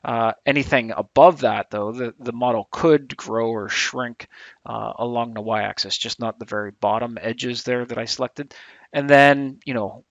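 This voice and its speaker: A man giving a software tutorial screencast, thinking aloud with relaxed fillers and restarts, a little tired. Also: mid-range voice, moderate pace, dry recording, lo-fi sound. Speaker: instructor.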